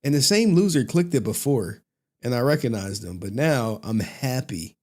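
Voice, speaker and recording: A man's voice: mid-range voice, expressive, normal speed, darkish tone. A man hosting a livestream, chatting casually in a loose, profane, joking way and laughing often. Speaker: livestream host.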